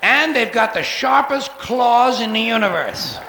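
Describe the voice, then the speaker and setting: A man's voice: very high-pitched, expressive, measured pace, bright, forceful tone, roomy sound, slight background noise. A man in his forties doing a profane, sarcastic stand-up routine on a live theater stage, recorded from the soundboard. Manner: profane, sarcastic, acts out cat voices. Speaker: stand-up comedian.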